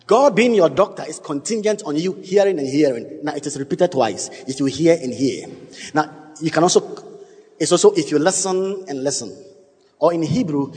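A man preaches to his congregation with a slightly high voice, pressing his points hard and throwing questions out to the room. His voice jumps up sharply on key words. Long reverb from a church hall trails after each phrase. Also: moderate pace, darkish tone. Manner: emphatic, call-and-response with congregation, sudden pitch jumps. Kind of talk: sermon.

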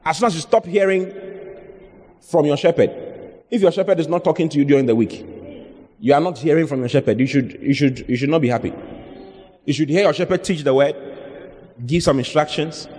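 A man's voice: a little high, fairly quick, pauses often, darkish tone. A male pastor preaching a sermon, emphatic, repeating his phrases for stress. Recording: long hall reverb.

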